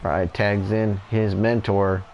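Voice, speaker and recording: Casual male game commentator, lowish voice, laid-back play-by-play with faint room hum. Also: unhurried, dull audio. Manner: relaxed, chatty, laughs and goes off on tangents.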